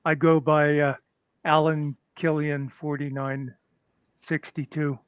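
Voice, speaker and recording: Man, casual co-host chat, chuckling, rambling, slightly higher voice, dull dry recording. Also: little pitch movement, slow pace, clear, resonant tone, no echo. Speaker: podcast co-host. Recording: slightly muffled dry audio.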